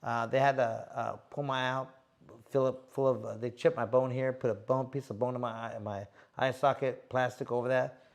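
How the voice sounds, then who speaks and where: A middle-aged man, a boxer hosting a show, telling stories in a casual, animated, slangy way and acting out what people said. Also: mid-range voice, fairly quick, creaky. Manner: animated, slangy, acts out quotes. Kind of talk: casual storytelling chat.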